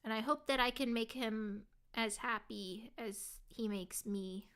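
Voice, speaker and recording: A woman's voice: a little high, unhurried, fairly bright tone, clear, resonant tone. A woman streamer in casual live chat, reading her viewers' comments aloud and answering them earnestly, saying "like" a lot. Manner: earnest, heartfelt.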